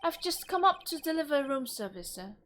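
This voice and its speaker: A woman's voice: sits high, very animated, fairly quick, fairly bright tone, a little hiss or hum. A woman voicing a courteous young male hotel bellboy in a put-on British accent. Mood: polite. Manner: courteous, formal, deferential.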